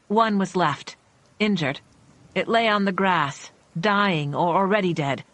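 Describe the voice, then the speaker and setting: Low-voiced woman narrating a thriller. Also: fairly bright tone, dry recording. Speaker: audiobook narrator.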